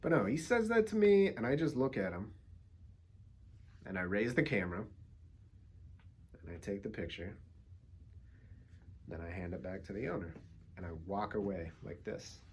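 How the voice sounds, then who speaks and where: A man vlogging casually, telling a story with lively acted-out quotes, laughing and swearing often. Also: fairly low pitch, moderate pace, pauses often, a little hiss or hum. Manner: swears casually, rambling asides. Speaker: actor and vlogger.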